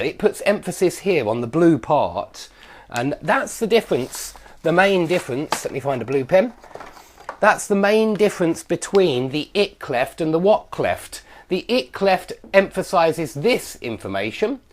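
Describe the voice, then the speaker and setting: A man gives an English grammar lesson in an easygoing way, with plenty of ums and restarts. His pitch moves a lot as he explains. He slows right down to read each example sentence clearly. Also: very animated. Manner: many fillers and self-corrections. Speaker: English teacher.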